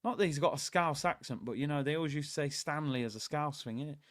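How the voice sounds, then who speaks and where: Excitable young man, dry close mic. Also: fairly high pitch, fast, dry recording. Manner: excitable, shouts at the players during attacks. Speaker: watchalong host. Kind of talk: live football watchalong commentary.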